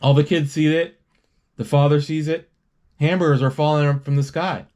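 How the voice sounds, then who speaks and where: A man casually retelling a movie scene by scene, rambling with restarts and quick acted quotes. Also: a little high, steady tone, darkish tone.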